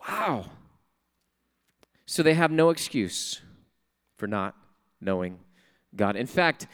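A man's voice: lowish voice, animated, a little slow. A male pastor preaching a sermon in a church, emphatic, repeating key phrases and putting questions to the congregation. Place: church sanctuary.

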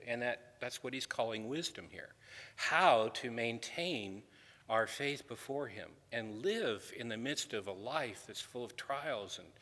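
Bright-voiced man lecturing in a reverberant hall. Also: mid-range voice. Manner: conversational and wry, with frequent restarts. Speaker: Bible lecturer. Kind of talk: teaching lecture on scripture.

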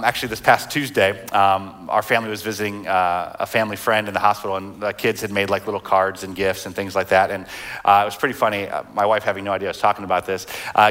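A man's voice: lowish voice, a bit bright. A man in his thirties, a pastor, preaching a sermon in a conversational way, with fillers and restarts as he reads and explains scripture.

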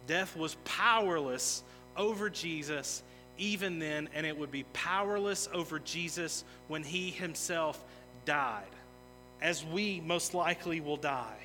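A man's voice: on the high side, measured pace, sharp tone. A man preaching a sermon as a pastor, earnest and emphatic, building intensity in places. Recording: long reverb of a large hall with music.

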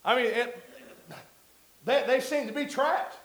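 Preacher, man, very high voice, conversational sermon that swells to loud peaks, roomy church sound. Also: unhurried.

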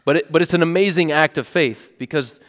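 A man's voice: on the high side, a little fast, a bit bright. A male pastor preaching at an evening service, reading scripture and explaining it in plain, conversational words. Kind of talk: sermon. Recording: long hall reverb.

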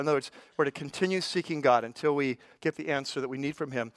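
A man's voice: on the high side, fast talker, hardly any pauses, no room sound. An older man, a pastor, preaching a sermon in a conversational way, with folksy asides and frequent stammered restarts.

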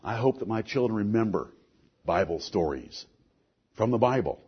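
Husky preaching man, dull recording. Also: on the low side, expressive, normal speed. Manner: earnest preaching with swings between soft and forceful. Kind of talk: sermon.

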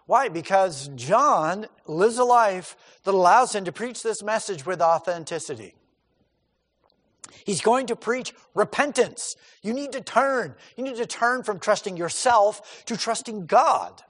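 A male pastor preaching a sermon, animated and emphatic, asking rhetorical questions and repeating words for stress. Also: high-pitched, unhurried. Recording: long hall reverb.

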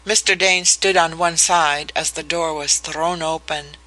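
An audiobook narrator reading a novel in a measured, even way. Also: mid-range voice, low-quality recording. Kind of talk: scripted narration.

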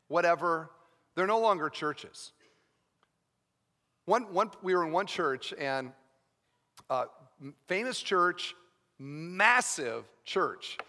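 Bright-voiced preaching pastor. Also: male voice, fairly high pitch. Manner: chatty storytelling that builds to fervent preaching. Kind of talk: sermon. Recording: long reverb of a large hall.

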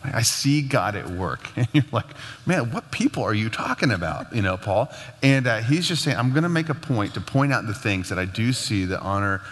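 A man teaching about marriage in a relaxed, conversational way, laughing now and then. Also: mid-range voice, brisk. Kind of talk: casual teaching talk. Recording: long hall reverb.

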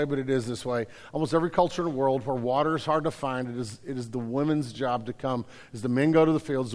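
A man preaching a sermon, reading scripture aloud and then retelling it in a conversational, animated way. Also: medium pitch. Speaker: pastor. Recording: hall reverb.

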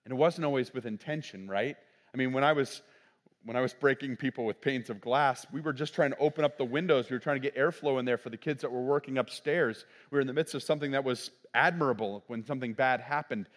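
A man's voice: mid-range voice, quick pace. A middle-aged man, a pastor, giving a sermon in a conversational storytelling way, often checking in with "right?" asides.

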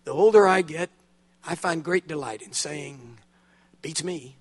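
Older male preacher with a fairly high voice who tells his story with big animated swings, bursting loud on the excited parts and dropping low and hushed on the solemn ones. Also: unhurried. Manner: drops to a hushed, low delivery on solemn points. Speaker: guest preacher. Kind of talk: sermon. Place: church conference hall.

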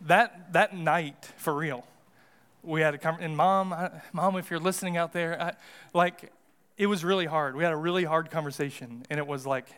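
A man's voice: fairly high pitch, moderate pace, a bit bright, clean tone. A young American man preaching a sermon as pastor, casual and conversational with fillers and restarts. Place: church sanctuary.

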